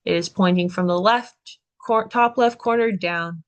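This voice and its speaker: A woman with a lowish voice gives a classroom lecture at an unhurried pace. She teaches with encouragement, pausing often to check in with her students. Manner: encouraging, checks in with "okay" and "right". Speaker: Greek language instructor.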